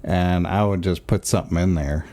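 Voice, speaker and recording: A man's voice: deep voice, steady tone, normal speed, mellow. A man in his thirties co-hosting a parenting podcast in casual, playful chat. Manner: playful, joking. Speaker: podcast co-host.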